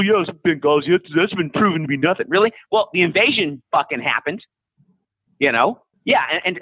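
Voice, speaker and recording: A man in his fifties, a podcast guest, ranting bluntly in casual conversation, profane and sarcastic, often mocking people in high-pitched put-on voices. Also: slightly rough, dry recording. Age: 50s. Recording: tinny phone-like line.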